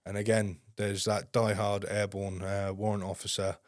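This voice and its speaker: A man's voice: fairly low pitch, flat delivery, moderate pace, dry recording, clean studio sound. A man, a podcast guest, telling a story in a casual, blunt way and swearing constantly.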